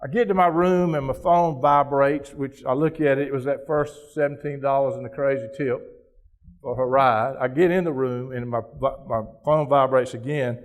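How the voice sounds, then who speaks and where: A man's voice: mid-range voice, fairly even intonation, moderate pace. A man giving a keynote speech, telling a personal story in a folksy, conversational way with frequent restarts. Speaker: keynote speaker.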